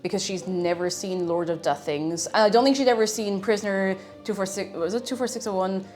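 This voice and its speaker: Her mid-range voice is brisk with a darkish tone, and faint music runs in the background. She's a live streamer chatting casually and playfully with viewers, laughing often and humming every so often.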